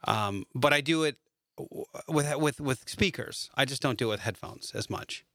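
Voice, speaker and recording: A man hosting a podcast in casual chat, telling relaxed anecdotes with a few hesitant fillers. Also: mid-range voice, moderate pace, no echo, studio quality. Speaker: podcast host.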